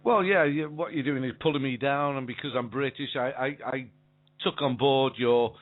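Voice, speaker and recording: A man's voice: medium pitch, fairly even intonation, moderate pace. Welsh guy calling in, mid voice, worked up, tinny phone line. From Wales. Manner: indignant, stumbling over words. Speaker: caller. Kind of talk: call-in radio talk.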